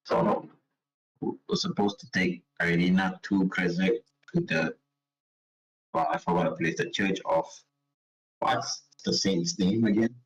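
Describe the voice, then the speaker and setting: A man at a tabletop game stumbles through casual remarks with frequent restarts. His voice is very deep yet swings widely in pitch. He sits some way back from the microphone. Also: animated, unhurried, creaky, dull audio. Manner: stammering, restarts often. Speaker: player. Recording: voice distant from the mic.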